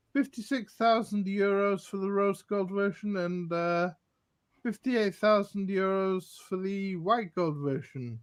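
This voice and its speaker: A man hosting a casual watch live stream, reading out specs in a steady listing way. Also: sits high, clear, resonant tone. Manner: reads figures in a steady listing way. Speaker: watch show host.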